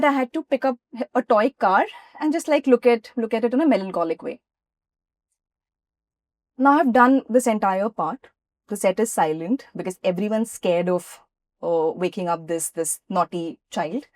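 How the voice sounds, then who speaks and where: A woman from India, an actress being interviewed, who tells lively anecdotes and acts out what people said. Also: fairly high pitch, no room sound, clean studio sound. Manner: lively anecdotes, often acting out quoted dialogue. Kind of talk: interview storytelling.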